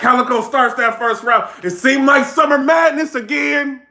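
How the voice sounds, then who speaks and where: A man with a strikingly high, tense voice gives a casual vlog rundown of the action, talking in slang and slipping into imitations of the people involved. The room around him is hard and echoey. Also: moderate pace, hardly any pauses. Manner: animated storytelling, slangy, mimics people he describes. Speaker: battle rap commentator.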